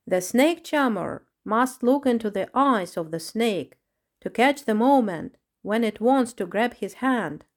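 A woman voicing a knowing former snake charmer, calm and measured. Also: on the high side. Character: wise former snake charmer, male fakir.

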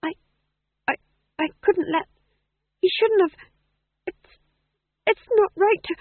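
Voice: extremely high pitch, expressive, a little fast, dry recording, phone-quality sound, voice pushed up. A narrator voicing a frightened young male soldier who stutters and wails, in an audiobook. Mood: panicked. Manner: stuttering, wailing.

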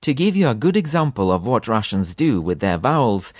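A man teaching a language lesson for an audiobook, repeating example words slowly with long drawn-out vowels. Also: medium pitch, sing-song, slightly rough, no echo, studio quality.

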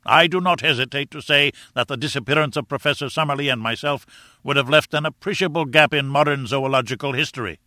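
A man's voice: mid-range voice, quick pace, bright, forceful tone, dry recording, studio quality, pitched above the performer's own voice, natural voice. A man voicing a pompous, self-important elderly professor in an audiobook, declaiming grandly.

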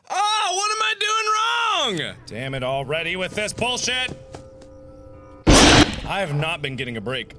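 A man giving let's-play commentary in loud, profane outbursts and frustrated shouting. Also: high-pitched. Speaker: gamer. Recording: clear game music under the voice. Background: game music.

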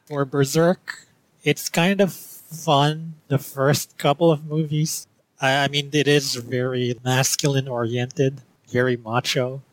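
A man of ordinary pitch talks through his movie verdicts on a podcast. He wanders, pauses on fillers and doubles back to add points. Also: steady tone, rough recording. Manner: rambling, hesitant with many fillers. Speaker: podcast co-host. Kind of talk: casual film review chat.

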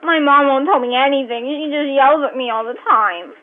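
A woman's voice: sits high, a little fast, lightly acted. A woman voicing a whiny, sobbing little girl on a prank phone call, pleading in a childish way. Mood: tearful whining. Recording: tinny phone line.

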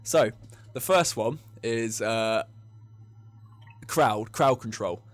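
A man's voice: medium pitch, extremely slow, faint music behind. A young English man co-hosting a podcast, telling rambling drinking stories in casual chat and laughing often. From England. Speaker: podcast co-host.

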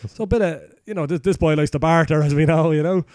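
A man's voice: fairly high pitch, fast, a little mellow, smooth, no room sound, clean studio sound. A man with an Irish accent retelling a fairy tale in crude, rambling, sweary casual chat. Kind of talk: casual comic storytelling.

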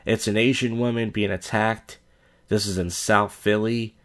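A man's voice: fairly low pitch, fairly even intonation, measured pace, fairly bright tone. A man from Philadelphia hosting a reaction video, giving blunt, crude, casual commentary over clips.

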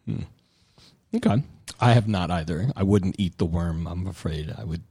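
Male podcast host, lowish voice, dead-dry close mic, rambling and loose. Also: moderate pace, warm tone, breathy edge, no echo. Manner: loose, rambling, swears casually. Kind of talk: casual chat. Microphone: close mic, eating near it.

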